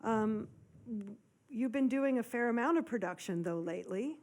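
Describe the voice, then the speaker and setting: A woman's voice: on the high side, expressive, moderate pace, a little mellow. A woman interviewing a guest in a casual chat, friendly and prompting with questions. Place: studio interview set.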